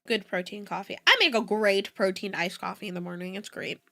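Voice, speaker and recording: A woman's voice: mid-range voice, steady tone, a little fast, pushed and bright. A young adult woman, a native Spanish speaker, chatting casually with her stream audience, rambling and giggling between asides. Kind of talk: casual reaction-stream chat.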